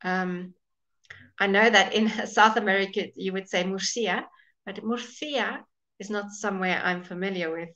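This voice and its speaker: A woman teaching English pronunciation in a live online class. She says each example word slowly, repeats it, and greets viewers by name as she goes. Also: medium pitch, sharp tone. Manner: models words slowly and repeats them.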